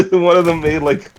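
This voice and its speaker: A deep-voiced man from the US chatting on a live stream. He rambles with lots of fillers and swearing, laughing between thoughts. His delivery is loose and unscripted. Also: darkish tone. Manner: rambling, profane, laughing often, many fillers. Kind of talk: casual chat.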